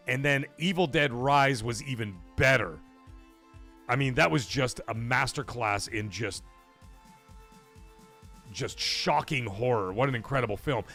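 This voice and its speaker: Gravelly-voiced man ranting on a podcast. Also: mid-range voice, bright, forceful tone. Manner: heated, profane, opinionated ranting. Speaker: podcast host. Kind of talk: live gaming podcast rant.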